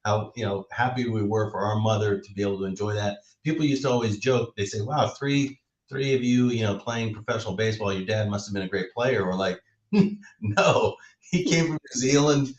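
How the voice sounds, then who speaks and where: A man with a lowish voice reflects on family memories as a radio guest, laughing now and then. His voice comes through with a roomy echo. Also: steady tone, a little fast, darkish tone, muffled recording. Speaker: guest, former baseball player. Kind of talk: casual radio interview.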